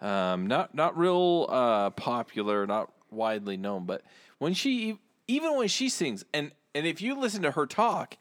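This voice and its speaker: Easygoing man with a lively voice. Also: fairly high pitch, measured pace, dry recording. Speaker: podcast co-host. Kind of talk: casual podcast chat.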